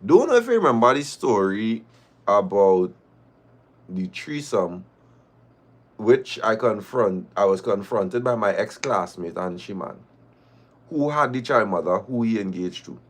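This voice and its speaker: A man chats on his livestream in loose, slangy talk and throws in dog and boy every few lines. His reactions are animated and casual, like he is hanging out with his viewers. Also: fairly low pitch, unhurried. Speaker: livestream host.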